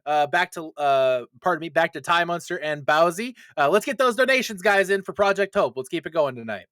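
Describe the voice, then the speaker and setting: A man's voice: a little high, lively intonation, a bit bright, no room sound, studio quality. Upbeat man hosting a stream. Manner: upbeat, hurried handoffs. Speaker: host.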